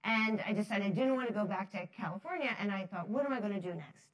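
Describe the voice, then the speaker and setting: A woman from New Jersey giving a talk to an audience, telling stories in a lively, chatty way, laughing often and acting out the voices she quotes. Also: mid-range voice, fast, low-quality recording. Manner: chatty, many fillers like "like". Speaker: speaker at a foundation talk series.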